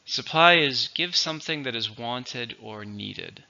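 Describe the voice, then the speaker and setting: A man teaching English vocabulary, speaking slowly and deliberately and repeating each word for pronunciation. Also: medium pitch, expressive, vocal fry, sharp tone, highs cut off. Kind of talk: vocabulary lesson with dictation.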